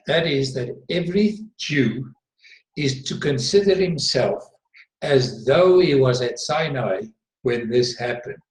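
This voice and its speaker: A man teaching Bible topics in a conversational discussion, earnest and emphatic, often repeating words for stress. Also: mid-range voice. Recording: roomy echo.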